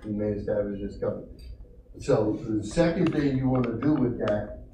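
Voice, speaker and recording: Male pastor, animated and encouraging, roomy hall sound, heard from a distance. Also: on the low side, moderate pace. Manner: animated, encouraging, calls on the congregation. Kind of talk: interactive Bible teaching. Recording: roomy church room, mic at a distance, faint noise.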